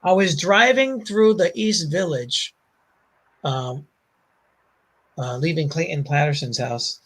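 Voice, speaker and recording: A man with a Bronx New York accent talks through his old comic work in a loose, rambling way. His voice sits a little high for a man and carries a gravelly edge. He keeps circling back with fillers and asides. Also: takes it slowly. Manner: rambling, animated storytelling with frequent fillers and laughs. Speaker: comic creator guest. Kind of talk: casual chat.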